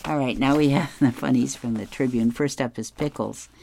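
A man's voice: mid-range voice, fairly even intonation, creaky, a little mellow, a little hiss or hum. A man hosting a radio show, reading an advice column and describing comic strips aloud with amusement. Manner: unhurried, amused, chuckling while reading. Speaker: radio host.

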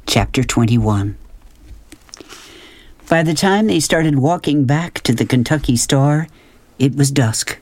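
An audiobook narrator reading a novel chapter in a calm, measured way. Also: mid-range voice, no room sound. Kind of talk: scripted narration.

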